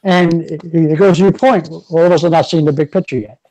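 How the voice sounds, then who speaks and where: A man hosting a casual podcast chat, excitable and full of "you know" fillers. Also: on the high side, brisk, low-quality recording. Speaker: podcast host.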